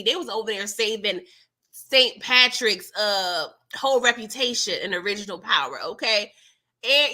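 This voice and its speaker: A woman with a bright, forceful, fairly high voice chats through a TV recap in loose slang. She jumps into characters' lines as she retells each scene and talks straight to her viewers. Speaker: TV recap host. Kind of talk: casual livestream recap chat.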